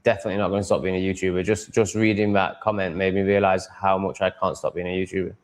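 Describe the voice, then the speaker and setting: A man's voice: deep voice, flat delivery, quick pace. A man live streaming from home, chatting and answering comments in a rambling, profane way with stumbling restarts and chuckles. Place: at home with cats on his lap.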